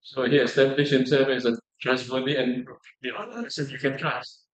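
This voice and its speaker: A man's voice: medium pitch, moderate pace, poor audio. A man in a casual chat over tea, explaining at length with hesitant fillers.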